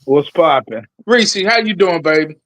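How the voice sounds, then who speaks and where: A man's voice: fairly high pitch, expressive, measured pace, fairly bright tone, no room sound, low-quality recording. A man calling into a casual talk show, talking in a blunt, slangy, cynical way. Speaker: caller. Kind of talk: casual call-in chat.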